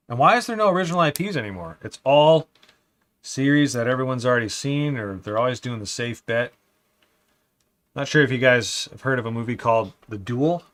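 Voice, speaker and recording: A man hosts a relaxed live stream as he builds a Lego set. His voice sits at an everyday middle pitch. He reads out viewer comments and talks through his opinions, then drifts into low, quiet mutters as he works on the pieces. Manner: often drops to quiet muttering while building. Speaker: livestream host building Lego. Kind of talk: casual live-stream chat.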